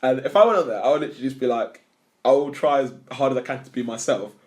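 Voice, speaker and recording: A man's voice: mid-range voice, fast, darkish tone. A young man, co-hosting a casual podcast chat, blunt and ranting, with a bit of swearing. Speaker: podcast co-host.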